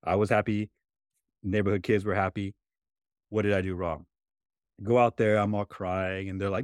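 Low-pitched male podcast host, dry and close, reflective casual storyteller. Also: level tone, normal speed, pauses often, clean tone, dry recording. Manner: reflective, many fillers like "right?" and "you know".

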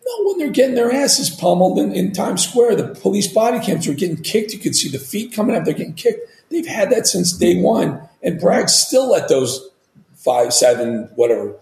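Gravelly man in an echoey room. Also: high voice, very animated, normal speed, a little mellow. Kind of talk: casual political chat.

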